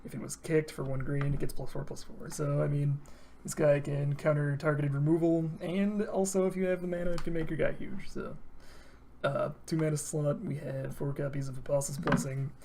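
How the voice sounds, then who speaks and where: Dude doing a deck tech, kinda gravelly, rambly, um and uh everywhere, faint hiss behind. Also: male voice, on the high side, level tone, normal speed, mellow. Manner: rambling, laughs often, filler-heavy. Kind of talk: casual game talk.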